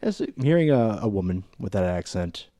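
A man chatting on a podcast in a measured, wry way, with filler uh's. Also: fairly low pitch, big pitch swings, dark tone, no room sound, studio quality. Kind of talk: casual podcast chat.

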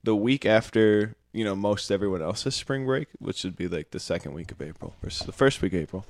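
A young man in casual podcast chat, rambling and halting with frequent restarts. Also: on the low side. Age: young adult. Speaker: podcast co-host.

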